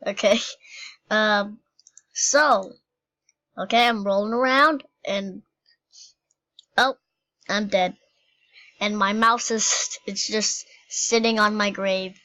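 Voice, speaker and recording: A woman's voice: medium pitch, fairly even intonation, slow pace, pauses often, pushed and bright, low-quality recording. A woman giving playful, giggly gameplay commentary as a YouTuber. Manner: playful and giggly, silly jokes. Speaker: gaming YouTuber.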